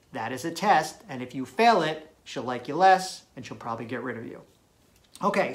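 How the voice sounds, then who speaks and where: A man's voice: a little high, fairly bright tone. A man giving dating advice straight to camera, talking in an emphatic, punchy way and checking in with "right?". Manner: emphatic, punchy, tag questions. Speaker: dating coach. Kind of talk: direct-to-camera advice video.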